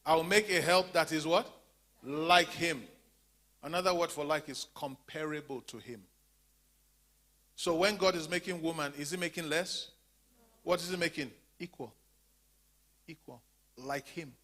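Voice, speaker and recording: A man's voice: a little high, moderate pace, long pauses, fairly bright tone. A man teaching a women's church class. He asks questions and leaves his sentences open for the group to finish, repeating key words for emphasis. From Zambia.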